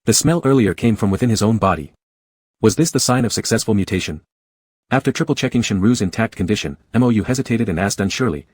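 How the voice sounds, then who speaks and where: Guy reading a story fast and steady, low husky voice. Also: no room sound. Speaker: narrator. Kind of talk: scripted story narration.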